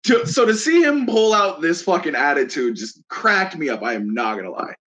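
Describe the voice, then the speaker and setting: A man co-hosting a podcast, reacting excitedly to a movie with laughter and swearing. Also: on the high side, normal speed. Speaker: podcast co-host. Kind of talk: casual movie-review chat.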